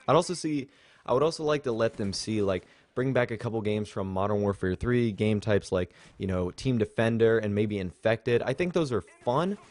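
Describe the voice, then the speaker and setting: Speaking at a moderate pace in a fairly low, slightly mellow voice with no echo, a young gaming channel host offers gameplay commentary. He's casual and chatty, rambling with fillers as he shares thoughts with his viewers.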